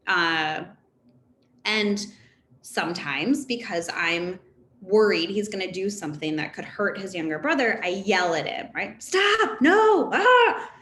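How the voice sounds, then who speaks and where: A woman in her thirties, a therapist, giving an informal talk to parents in a conversational, animated way. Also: lowish voice, measured pace. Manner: conversational and animated, laughs between points. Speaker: therapist speaking to a parent council. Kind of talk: informal presentation. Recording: echoey room with faint background noise.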